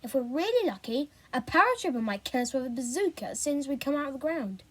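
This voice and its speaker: A chatty teenage boy who makes dry, sarcastic quips, as a woman reading aloud puts him on. His voice moves around a lot, with quick asides. He sounds flippant even when he is scared. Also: high voice. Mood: wry.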